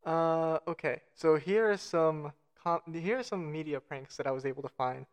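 Guy cohosting a podcast, smooth clear voice, a bit high, jokey and self-deprecating. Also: moderate pace. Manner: joking, self-mocking, stumbles over foreign names. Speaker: podcast co-host. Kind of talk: casual podcast chat, reading out facts.

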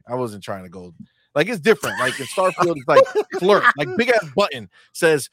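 A man co-hosting a casual gaming chat, animated, dropping low for asides. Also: brisk, background noise.

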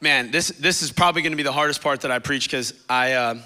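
A guest preacher in his thirties delivers a sermon from a church stage, his medium-pitched voice fast, bright and forceful. He rambles emotionally and grows tearful at times.

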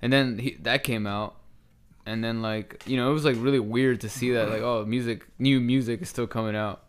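Casting: young male co-host, easygoing, profane, laughs a lot, mid-pitched voice. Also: fairly even intonation, normal speed, clear, resonant tone. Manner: laid-back, swears a lot, laughs often. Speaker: podcast co-host. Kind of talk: casual chat.

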